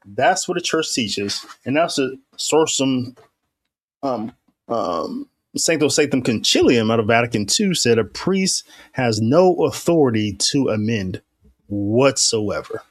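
A man's voice: mid-range voice, lively intonation, no room sound. Man reading liturgy with dry commentary. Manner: reads liturgy slowly and deliberately, then comments casually. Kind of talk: critical commentary reading a liturgical text aloud.

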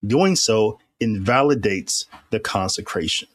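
A man's voice: fairly low pitch, animated, no room sound. A man reading the words of the Mass aloud and commenting on them in a critical, casual way. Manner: reads liturgy slowly and deliberately, then comments casually.

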